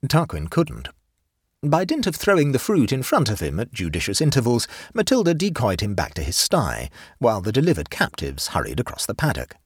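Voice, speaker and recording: A male narrator with a husky, slightly breathy voice tells a story in a wry, measured manner. His delivery swings widely in pitch, and the recording is close and dry with no room sound. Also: wildly swooping pitch, no echo.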